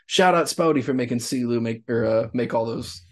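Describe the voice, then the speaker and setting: Man, young adult, podcast co-host, slangy joking trash talk, mid pitch. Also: a little fast. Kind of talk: casual sports podcast chat.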